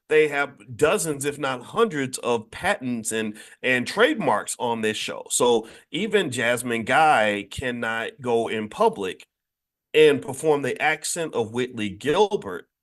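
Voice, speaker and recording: A man hosting a daily morning talk on finance, speaking casually and emphatically, with frequent restarts and repeated words and his pitch jumping up when he stresses a point. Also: fairly bright tone. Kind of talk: casual spoken talk to an online audience.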